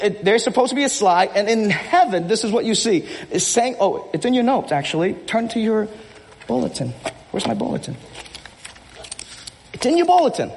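A man preaching a sermon from the pulpit, animated and joking with his congregation. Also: sits high, big-room sound. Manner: animated, energetic, acts out movie speeches with rising intensity; jokes with the congregation and repeats himself. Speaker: pastor. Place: church hall.

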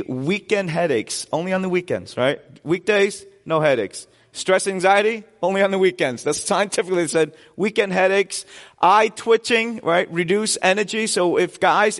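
A pastor preaching to his congregation, his voice set a little high for a man. He keeps it conversational and drops in jokes as he goes. The long reverb of the church sanctuary trails after every phrase. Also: fairly bright tone. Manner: conversational, joking asides to the congregation. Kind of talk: sermon.

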